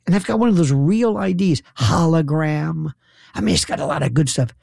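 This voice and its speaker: A man's voice: a little high, a little fast, creaky, darkish tone, no echo. A man, a former prosecutor, delivering a rambling, sarcastic comic monologue full of incredulous rhetorical questions. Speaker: talk show host, former prosecutor. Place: New York.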